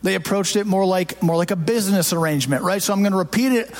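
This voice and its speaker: A man's voice: sits high, fast talker. A man preaching a sermon to a congregation in a church, talking in a conversational way and joking with the crowd, on a handheld microphone. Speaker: pastor. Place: church sanctuary before a congregation.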